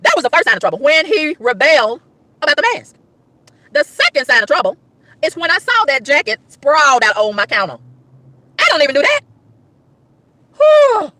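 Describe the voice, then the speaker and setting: A woman's voice: sits high, very animated, brisk, pushed and bright, no echo. A woman vlogger telling an exasperated story, exclaiming and repeating lines for emphasis, recorded in a car. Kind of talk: animated storytelling rant.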